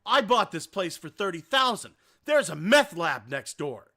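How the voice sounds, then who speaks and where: A man tells a story on a podcast, talking casually and rambling. He swears freely and stays animated throughout. His voice sits high and sounds bright. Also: a little slow. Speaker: podcast host.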